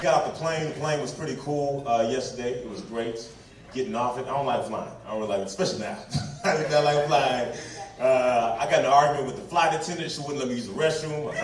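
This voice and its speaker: A man's voice: medium pitch, fast talker, a crowd in the background. Male comedian in an echoey club. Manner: playful, acts out quotes, laughs at own jokes. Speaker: stand-up comedian. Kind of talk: live stand-up set. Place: live comedy venue. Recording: echoey venue mic from a distance with audience noise.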